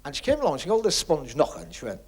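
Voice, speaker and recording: A man telling stand-up jokes with lively punchline delivery, on a 1970s television recording. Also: a little high, racing, slightly rough. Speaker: stand-up comedian.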